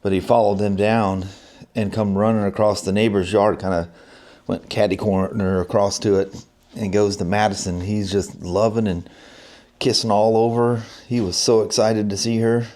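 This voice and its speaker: A man's voice: lowish voice, flat delivery, normal speed, a little mellow. A middle-aged man vlogging casually, telling a family story in a rambling way with lots of fillers and restarts.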